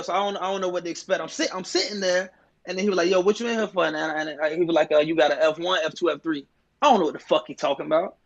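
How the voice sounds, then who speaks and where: A man's voice: fairly high pitch, fairly bright tone, muffled recording. A man telling jail stories in loose, profane street slang, full of restarts and repeats, as a podcast guest. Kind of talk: casual storytelling chat.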